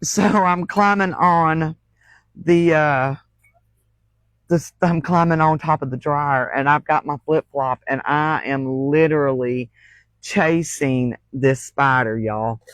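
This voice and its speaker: A woman's voice: low voice, takes it slowly, dry recording, poor audio. Drawling woman, laughing storyteller. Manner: laughs often while telling stories. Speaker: crafting channel host. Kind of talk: casual livestream storytelling.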